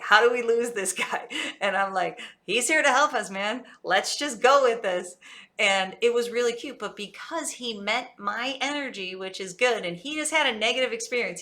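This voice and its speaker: A woman coach giving an energetic, emphatic motivational talk and acting out quotes as she goes. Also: mid-range voice.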